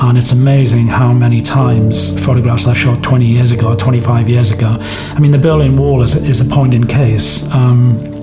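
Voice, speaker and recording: A man's voice: medium pitch, fairly even intonation, moderate pace. A British photojournalist in his sixties, reflecting thoughtfully and with hesitant restarts in an archive interview clip. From Britain. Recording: archive clip over loud guitar music.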